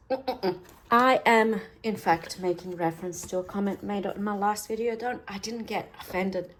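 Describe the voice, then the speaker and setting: Australian woman, craft vlogger, chatty and self-mocking, light hiss in the room. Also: mid-range voice. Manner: rambling and self-deprecating, talks while working.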